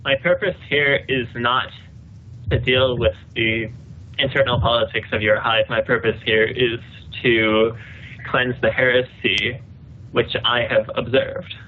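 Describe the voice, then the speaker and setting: A man voicing a stern female inquisitor, speaking in a measured, commanding way over a tinny voice-chat line. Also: medium pitch, steady tone, slight background noise, lightly acted. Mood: cold.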